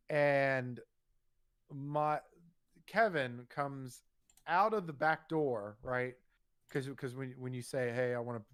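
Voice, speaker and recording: A young man co-hosting a podcast, telling a rambling, profane story and getting animated when he quotes himself. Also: mid-range voice, clear, resonant tone, dry recording, clean studio sound. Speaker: podcast co-host. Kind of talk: casual storytelling.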